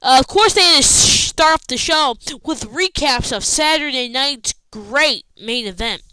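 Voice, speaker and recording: A woman's voice: high-pitched, lively intonation, unhurried, sharp tone, poor audio. A tired woman hosting a casual wrestling review, rambling and losing her train of thought.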